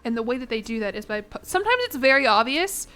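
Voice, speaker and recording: A woman's voice: on the high side, sing-song, quick pace, sharp tone, smooth, soft background music. Chatty giggly young woman streamer. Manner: chatty, rambling and giggly, addressing her viewers. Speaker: game streamer. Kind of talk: casual chat to a live chat.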